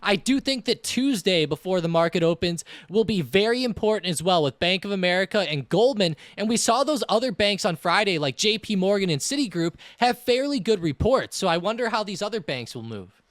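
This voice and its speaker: A man's voice: high voice, animated, brisk, fairly bright tone, no echo, clean studio sound. A man co-hosting a stock market show in casual, upbeat chat, with plenty of fillers. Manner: upbeat, chatty, with many fillers.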